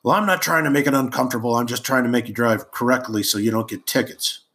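A man's voice: quick pace, natural voice. A man putting on the voice of his exasperated older father, a former Marine, scolding his teenage son about driving in a strained, raised voice. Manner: shouting, scolding, high and strained.

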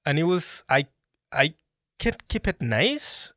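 A man from Colombia, a native Spanish speaker, telling his story as a podcast guest in an animated way, often restarting his sentences. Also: on the high side, slow, no room sound, clean studio sound. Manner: animated, restarts often, bursts into laughing exclamations. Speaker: podcast guest, brand founder. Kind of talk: casual interview storytelling.

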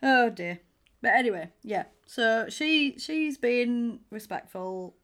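A woman's voice: on the high side, animated, takes it slowly, fairly bright tone. A woman chatting casually as a podcast co-host, retelling film scenes and anecdotes with quoted voices. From England. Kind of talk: casual chat.

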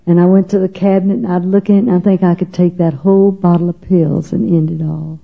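A woman's voice: lowish voice, level tone, fast, vocal fry, phone-quality sound. An older woman telling her personal faith testimony in a folksy, humorous, chatty way, acting out what others said. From Texas. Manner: humorous, chatty, emotional, acts out the voices of others. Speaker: speaker giving a personal testimony.

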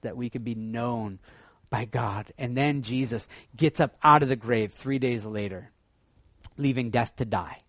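A man preaching a sermon as pastor, swinging between loud excited bursts and hushed low passages. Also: a little slow, no echo.

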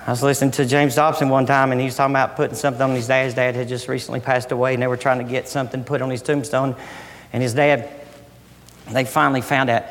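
A middle-aged man preaching a sermon with passion, swinging from loud emphatic lines down to soft, hushed ones. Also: mid-range voice, vocal fry. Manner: impassioned, rising and falling between loud emphasis and soft near-whispers. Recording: long hall reverb.

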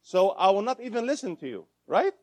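A man's voice: sits high, sing-song, brisk. A man giving an interactive lecture, repeating his points and asking the audience questions as he goes. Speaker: instructor.

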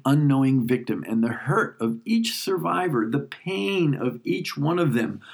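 A man tells his own story in a mid-range voice. He narrates reflectively and with feeling, letting moments breathe. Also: mid-range voice. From New York. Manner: reflective, emotional, unhurried. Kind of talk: first-person story narration.

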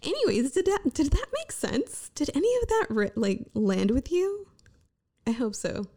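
Chatty woman podcaster with a creaky edge. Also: sits high, very animated, normal speed, mellow. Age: 30s. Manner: chatty, swearing, self-mocking pep talk. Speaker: podcast host. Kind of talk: casual solo podcast chat. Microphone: podcast microphone.

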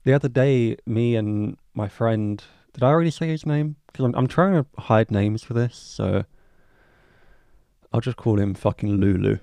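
A young man talks through his solo podcast in a rambling, casual way, cursing freely and poking fun at himself. His voice sits low and mellow with a gravelly edge. The recording is close and dry. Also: normal speed, dry recording. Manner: rambling, swears freely, self-mocking asides. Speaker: podcast host.

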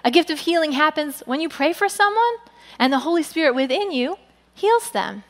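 A woman pastor giving a sermon in an animated way, acting out quoted people with big jumps in pitch. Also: normal speed. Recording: long hall reverb.

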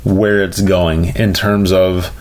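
A man's voice: sits low, flat delivery, slow, darkish tone. A young man co-hosting a podcast, speaking in a thoughtful, hedging way. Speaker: podcast co-host. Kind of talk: casual podcast conversation.

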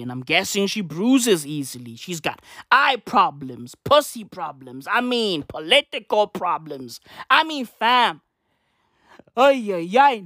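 Slow, lively-pitched woman ranting. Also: dry recording, clean studio sound. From South Africa. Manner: swears constantly, slangy, riffs on tangents; loud outbursts and asides. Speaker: comedic monologue host. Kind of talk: profane comedic rant.

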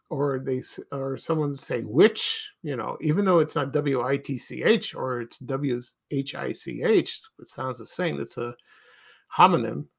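A man hosting a casual solo podcast, talking in a hesitant, halting way and chuckling between points. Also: medium pitch, creaky. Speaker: podcast host.

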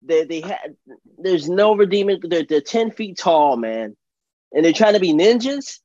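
Excitable man on a lo-fi podcast. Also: sits high, a little slow, dry recording. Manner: enthusiastic, laughs often, restarts sentences. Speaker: podcast host. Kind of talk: casual fan chat. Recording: dull, dry lo-fi sound.

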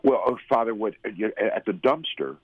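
A middle-aged man, a radio personality, telling a personal faith story in a halting, heartfelt way. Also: lowish voice, animated, no room sound, narrow, tinny audio. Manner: halting storytelling with restarts, emotional. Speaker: guest, former radio host. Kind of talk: personal testimony in an interview.

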